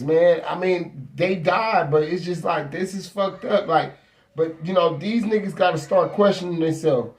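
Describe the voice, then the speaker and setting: A male show host rants casually and profanely, blunt and rambling, packed with slang, and says he is high.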